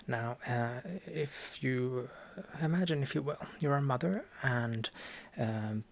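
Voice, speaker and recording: Gravelly Norwegian man, whispered role-play. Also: mid-range voice. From Norway. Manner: soft-spoken, halting, deadpan joking. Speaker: ASMR creator playing a language teacher.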